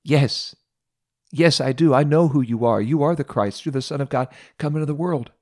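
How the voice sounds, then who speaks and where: A man's voice: medium pitch, moderate pace, a little mellow, voice pushed up, lightly acted. Brief: grieving faithful woman, earnest and pleading, voiced by a male preacher, storytelling sermon.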